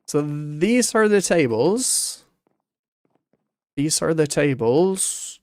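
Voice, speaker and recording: Gaming streamer, male, slightly high voice, dry close mic, slow self-talk with hummed sound effects. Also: expressive, darkish tone, no room sound. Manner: muttering to himself, humming sound effects like boom and ba ba ba. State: hiccuping. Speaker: Minecraft streamer. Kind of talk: casual gameplay commentary.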